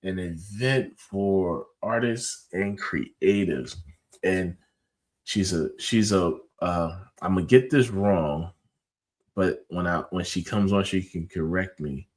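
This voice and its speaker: A podcast host with a very low, deep voice tells a story in a loose, slangy way. He fills his talk with "like" and "you know" and keeps it animated. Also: takes it slowly. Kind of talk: casual storytelling chat.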